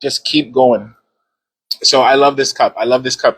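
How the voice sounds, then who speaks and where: A man's voice: medium pitch, fairly even intonation, measured pace, a bit bright, husky, rough recording. A man hosting a casual live stream, cheering viewers on and repeating his points as he chats into a phone.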